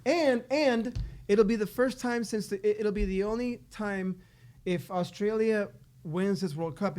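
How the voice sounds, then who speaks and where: A man co-hosting a casual soccer podcast, joking and excitable with playful sarcasm. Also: high-pitched, clear, resonant tone. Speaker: podcast co-host. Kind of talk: casual chat.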